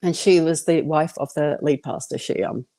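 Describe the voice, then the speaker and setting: A woman's voice: low voice, normal speed, mellow, no echo. A middle-aged woman, sharing her personal faith testimony in an earnest, candid way.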